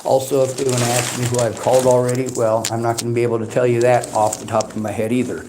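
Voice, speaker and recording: Man, mid-pitched, rambling and aggrieved, speaking into a phone during a live call, faint hiss behind. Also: little pitch movement, quick pace, darkish tone. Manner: rambling, aggrieved, talks in long runs. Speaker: activist reporting on police. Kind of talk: casual phone conversation, livestreamed.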